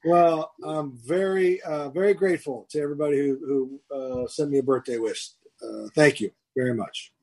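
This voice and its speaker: A man's voice: a little high, moderate pace, few pauses, warm tone, no room sound. A man in his fifties co-hosting a podcast over a remote call, chatting casually and jokily with lots of fillers and restarts. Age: 50s. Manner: rambling, jokey, many fillers and restarts. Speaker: podcast co-host. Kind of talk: casual chat. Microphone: remote call mic.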